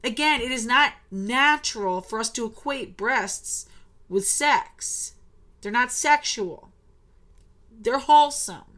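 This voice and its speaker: A woman in her thirties delivers a heated, blunt monologue, repeating words and swearing as she gets worked up. Her voice sits a little high and comes across bright and sharp. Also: takes it slowly. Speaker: birth worker and podcast host. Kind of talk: impassioned monologue.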